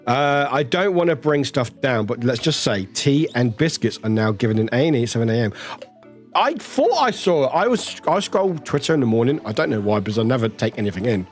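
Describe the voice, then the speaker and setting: A chatty streamer, mid-pitched voice, rambling and friendly as they read chat and welcome people in. A slight cough lingers, and soft music plays in the background. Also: sing-song. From United Kingdom. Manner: chatty, rambling, warm toward chat, quick laughs. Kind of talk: casual live-stream chat, reading chat aloud.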